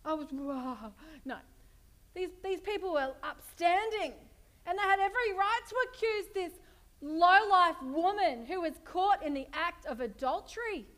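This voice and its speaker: High-voiced woman preaching a sermon. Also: moderate pace. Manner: expressive storytelling, rhetorical questions.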